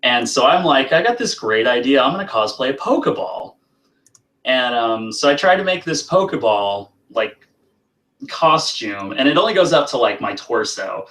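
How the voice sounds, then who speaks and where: A man's voice: medium pitch, lively intonation, moderate pace, fairly bright tone, rough recording. A man, a guest prop maker, telling a self-deprecating story in casual chat. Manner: laughing, self-deprecating anecdote.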